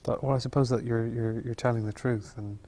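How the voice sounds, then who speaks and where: Man, mid-pitched voice, stage actor in a Q&A, hesitant and reflective storyteller. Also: fairly even intonation, dark tone. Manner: halting, thoughtful, circles back on words. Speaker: actor as interview guest.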